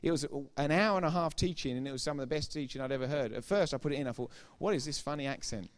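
A man giving a sermon testimony as a preacher, retelling conversations line by line and growing loud and emphatic when he preaches. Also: a little high, rapid-fire. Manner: retells dialogue with repeated "I said, he said".

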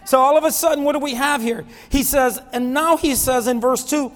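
A man preaching a sermon with a lively delivery that swings from quiet, low stretches to loud, near-shouted pleading. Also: brisk, hardly any pauses. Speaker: pastor. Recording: long hall reverb.

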